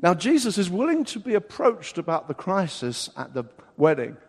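A man's voice: sits high, big pitch swings, moderate pace, husky. Older man preaching in an echoing hall. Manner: acts out quoted voices with big swings of loudness. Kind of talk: sermon. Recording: long hall reverb.

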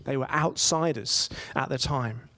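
A man's voice: mid-range voice, a little slow, pushed and bright. A man giving a conversational sermon, telling stories and asking his listeners rhetorical questions. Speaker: preacher.

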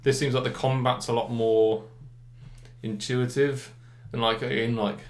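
A young man chatting casually about games, rambling with lots of fillers and clear enthusiasm. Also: medium pitch, little pitch movement, a little slow. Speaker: gaming podcast co-host. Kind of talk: casual chat. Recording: echoey room.

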